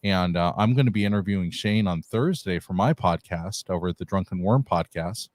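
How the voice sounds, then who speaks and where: A man's voice: low voice, fairly quick, no room sound. A man from California hosting a live stream, upbeat and rambling, laughing often. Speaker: podcast host. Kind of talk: casual live-stream chat.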